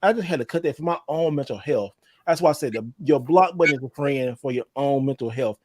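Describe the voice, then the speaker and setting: A man hosting a casual gaming podcast, animated and laughing often as he reads out viewer comments. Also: medium pitch, brisk, dry recording. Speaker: podcast host. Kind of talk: casual chat.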